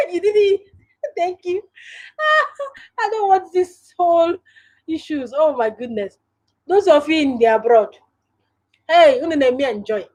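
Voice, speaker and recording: In a low-quality recording, a high-voiced woman with a Nigerian English accent runs a relaxed live stream from home, talking directly to viewers and laughing frequently.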